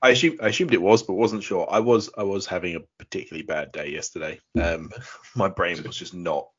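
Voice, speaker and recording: A man's voice: deep voice, fairly even intonation, a little fast, husky. A man chatting casually on a podcast, wry and self-deprecating about his own bad day. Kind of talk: casual chat. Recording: muffled lo-fi audio.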